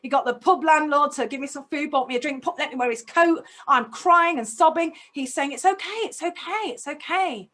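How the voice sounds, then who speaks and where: A woman's voice: sits high, brisk, few pauses, sharp tone. A woman telling a personal story in a talk, intense and emotional, putting direct questions to her listeners. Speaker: speaker.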